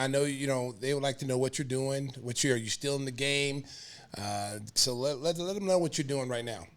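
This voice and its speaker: A man hosts a casual podcast interview. His voice sits at a middling pitch. He nudges his guest to share more in a relaxed, conversational manner. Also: normal speed, clear, resonant tone. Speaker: podcast host.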